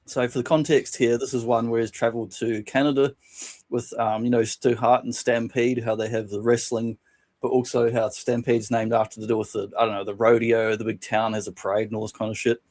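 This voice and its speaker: A man co-hosting a casual podcast, reading and retelling funny anecdotes from a book, laughing often and doing quick voices for quotes. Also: medium pitch. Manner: laughs often while telling stories, animated voices for quotes. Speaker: podcast co-host.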